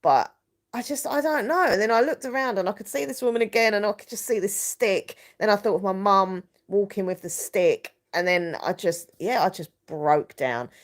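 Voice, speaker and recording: A woman's voice: mid-range voice, normal speed. A woman hosting a live stream, talking in a rambling, emotional, confiding way with many fillers.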